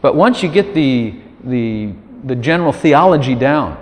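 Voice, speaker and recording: A man's voice: mid-range voice, animated, unhurried. A man preaching an informal sermon in a conversational, folksy way, often dropping asides to his listeners. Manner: conversational, folksy, many "you know" asides; acts out quoted prayers in a raised voice. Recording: long hall reverb.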